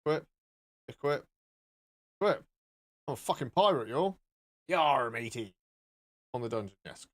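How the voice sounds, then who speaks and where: A man hosts his own live stream, rambling cheerfully from one filter to the next. He cracks jokes and swears in a loose, offhand way. His voice sits a little on the high side for a man. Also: expressive, moderate pace, pauses often. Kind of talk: casual live-stream chat.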